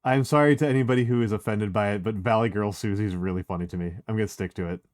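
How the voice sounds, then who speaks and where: A man's voice: lowish voice, fast, darkish tone. A man streaming a video game, chatting casually, rambling and self-deprecating, swearing freely. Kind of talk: casual gameplay chat.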